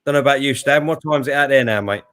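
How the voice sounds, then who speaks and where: A man's voice: medium pitch, quick pace, fairly bright tone, no room sound. A man hosting a casual live stream, chatting and greeting viewers by name. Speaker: host.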